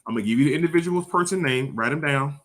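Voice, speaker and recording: A man's voice: fairly high pitch, quick pace. A man giving an informal, preachy lecture, talking over visuals and swearing freely. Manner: animated, profane, preachy.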